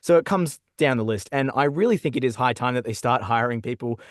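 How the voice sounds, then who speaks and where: A young Australian voice actor, appearing as a guest in a podcast interview, talks casually and rambles with many fillers and restarts. He records from a small foam-lined home booth on a studio condenser mic, so the sound is studio quality with no room sound, and his medium-pitched voice moves briskly.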